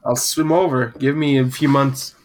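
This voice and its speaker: A man's voice: medium pitch, fairly even intonation, moderate pace, darkish tone. A man co-hosting a podcast, chatting casually and tripping over his words. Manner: stumbling, restarts words, laughs often. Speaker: podcast co-host. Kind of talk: casual chat.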